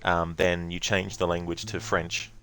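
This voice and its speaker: A man with a low, flat voice chats casually over a game playthrough, wandering through his thoughts with plenty of pauses and fillers. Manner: rambling, many fillers. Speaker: game streamer. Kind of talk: casual commentary.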